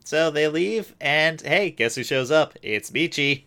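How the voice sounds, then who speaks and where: A man co-hosting a show, recapping episodes in relaxed casual chat. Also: a little high, a little slow.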